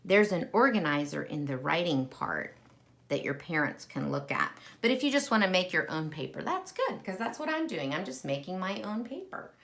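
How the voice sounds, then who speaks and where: A woman teaching a kindergarten lesson, talking directly to young children in a warm, exaggerated teacher voice with wide swings. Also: very animated, vocal fry. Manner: slow, sing-song teacher voice with big pitch swings.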